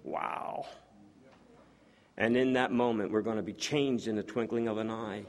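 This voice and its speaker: A man preaching a sermon, earnest and building to excited exclamations, with frequent fillers and restarts. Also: on the low side, a little fast.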